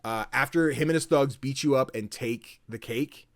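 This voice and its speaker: A man in casual podcast chat, retelling game stories in an animated way and acting out the characters' lines. His voice sits in a middle range, recorded close and dry with no room sound. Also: mid-range voice, moderate pace, no echo. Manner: animated storytelling, acts out quotes, swears casually. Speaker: podcast co-host.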